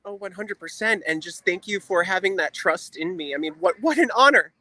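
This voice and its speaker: High, bright-voiced emotional man. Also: lively intonation, fairly quick, no room sound. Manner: emotional, repeats phrases for emphasis. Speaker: guest on a livestream. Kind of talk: earnest heartfelt talk.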